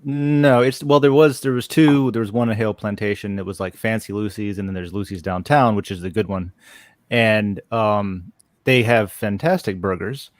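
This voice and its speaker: A man's voice: on the low side, steady tone, moderate pace, no room sound, studio quality. A man co-hosting a casual live chat show, telling a story in a meandering way with frequent fillers and restarts. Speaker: podcast co-host. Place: lives in a Florida college town.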